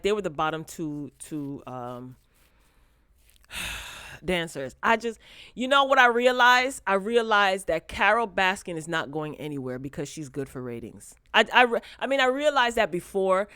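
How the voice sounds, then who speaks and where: Woman, vlog host, mid-pitched, animated and sassy, chats right to viewers on a dry close mic. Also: moderate pace, clear, resonant tone, no echo. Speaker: host of a pop culture talk show. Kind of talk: casual commentary vlog. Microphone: close desk mic.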